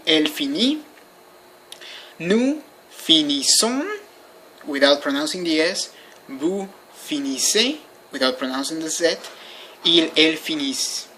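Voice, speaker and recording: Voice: medium pitch, sharp tone, slight background noise. A language teacher giving an informal recorded lesson, patiently repeating points and spelling word endings letter by letter. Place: indoors by a window.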